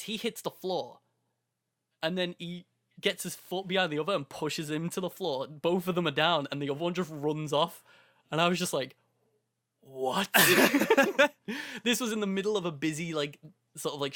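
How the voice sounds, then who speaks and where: A young man co-hosts a casual podcast and tells a story, acting out what people said and laughing often. His voice is bright and forceful. It sits fairly high for a man. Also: normal speed. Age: young adult. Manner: animated storyteller who acts out quotes and laughs often. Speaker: podcast co-host. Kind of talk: casual chat, telling a story.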